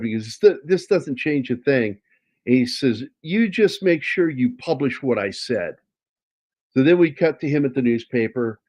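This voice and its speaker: A middle-aged man talks through his own comic pages in a loose, casual chat. He rambles, restarts sentences, and drops in casual swearing. His pitch sits in an ordinary middle range for a man. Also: a little mellow. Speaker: comic artist showing his work.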